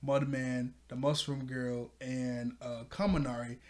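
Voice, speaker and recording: A man's voice: medium pitch, flat delivery, a little slow. A man casually recapping an anime episode, rambling with lots of fillers and frequent chuckles. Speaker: anime reviewer.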